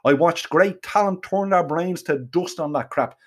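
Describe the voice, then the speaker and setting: A gruff, commanding Irish bandleader who lays down the law in plain, blunt words, as a man puts him on. The voice sits a shade high for a man. He reads as a man used to running the show in an audiobook. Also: moderate pace, lightly acted. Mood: stern. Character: brash male Irish bandleader, bossy, blunt.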